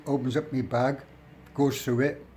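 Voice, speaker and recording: A man's voice: mid-range voice, level tone, unhurried, dark tone, slight background noise. Blunt, sweary English man telling a story. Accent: English, working-class. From England. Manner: rambling, blunt and sweary, slips into the storytelling present tense. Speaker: storyteller recounting his prison life. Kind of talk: casual spoken storytelling.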